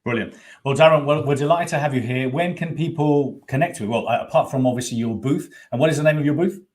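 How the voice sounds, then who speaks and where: A man's voice: mid-range voice, fast talker, a little mellow. A man hosting an online expo over a video call, greeting guests with effusive enthusiasm. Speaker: host.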